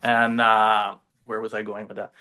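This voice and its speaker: A native French speaker with a French accent tells his story as a podcast guest in a casual interview. His voice is lowish, level, bright, and forceful, and he takes his time, rambling with lots of fillers and tag questions.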